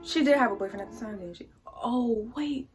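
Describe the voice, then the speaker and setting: A young woman telling a story on her vlog in a chatty, animated, slangy way. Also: a little high, a little fast, soft background music.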